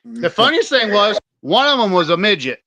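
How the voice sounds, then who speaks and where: A man with a high, bright voice tells rowdy, profanity-laced stories in a casual podcast chat. The sound is dry and close. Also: very animated, a little fast, no echo. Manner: profane, storytelling, swears a lot. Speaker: podcast co-host.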